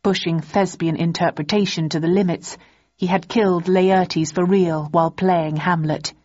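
A woman narrating a novel in a measured, unhurried way. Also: on the low side, fairly even intonation, darkish tone, no echo, dull audio. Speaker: audiobook narrator. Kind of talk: scripted narration.

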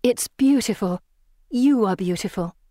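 A woman's voice: fairly high pitch, animated, a little slow, dark tone, dry recording, clean studio sound. A woman reading an audiobook and voicing an effusive, wistful teenage girl in a breathless, lifted voice. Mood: gushing. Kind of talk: audiobook character voice.

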